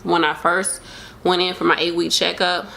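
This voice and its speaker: Speaking at normal speed with vocal fry, a young vlogger gives a pregnancy update to camera, open, emotional and rambling with plenty of fillers. Her lowish voice has a level tone and sounds pushed and bright.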